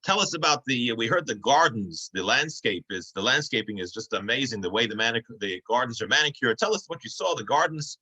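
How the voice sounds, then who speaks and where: A man's voice: mid-range voice, animated, brisk, few pauses, pushed and bright, breathy edge, rough recording. A man voicing a group of curious fellow animals in a told fable, pressing eagerly with question after question.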